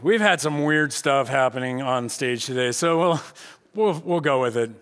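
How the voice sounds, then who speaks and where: A middle-aged male pastor preaching a sermon on a church stage, telling the story with lively acted-out voices. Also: medium pitch, moderate pace. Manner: animated storytelling, acting out voices of the people.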